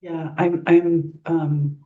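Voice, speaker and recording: A woman facilitating a group discussion on a video call, speaking in a measured, thoughtful way. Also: deep voice, flat delivery, narrow, tinny audio.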